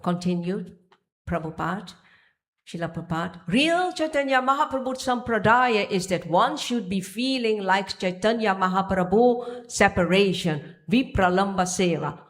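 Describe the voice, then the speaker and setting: A woman's voice: mid-range voice, animated, normal speed. Woman giving a devotional temple lecture. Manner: searching for pages, restarting phrases. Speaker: speaker giving a temple class. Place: temple hall.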